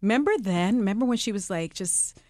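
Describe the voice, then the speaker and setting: Lively woman telling a story, dry sound. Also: mid-range voice, brisk, no room sound. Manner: animated storyteller, laughing often. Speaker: guest. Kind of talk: casual interview chat.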